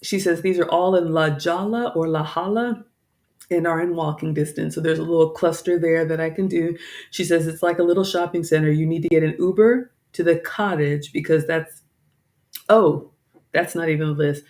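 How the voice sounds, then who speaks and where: A woman's voice: deep voice, steady tone, normal speed, a little mellow. A woman from the American South chatting casually to viewers, tired, apologetic and a bit scattered. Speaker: vlogger, home cook. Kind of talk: casual live-stream chat.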